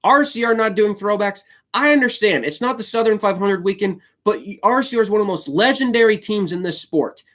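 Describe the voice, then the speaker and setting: A man's voice: sits high, animated, a little fast, hardly any pauses, a bit bright. A man hosting his own solo video show, talking casually and slipping into a heated, apologetic rant. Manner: ranting, apologetic, fired up; frequent fillers and restarts. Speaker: YouTube host.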